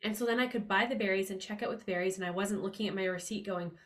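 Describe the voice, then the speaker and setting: This is a woman hosting a podcast on money mindset, speaking at an ordinary middle pitch. She keeps it casual and upbeat. She talks in a chatty way, with fillers and side remarks. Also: very fast, hardly any pauses, fairly bright tone. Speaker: podcast host. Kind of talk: casual motivational talk.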